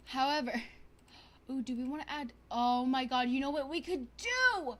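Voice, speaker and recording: A young woman streaming a life-sim game, chatting casually to viewers in a bubbly, excitable way, gasping and repeating herself. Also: high voice, a little slow. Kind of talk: casual gaming stream chat.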